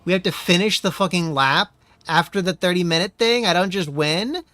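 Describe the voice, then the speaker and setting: A man streaming a racing game, commenting as he plays with constant profanity, exasperated ranting and sudden yelled outbursts. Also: high-pitched, moderate pace, no room sound. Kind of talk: live gameplay commentary.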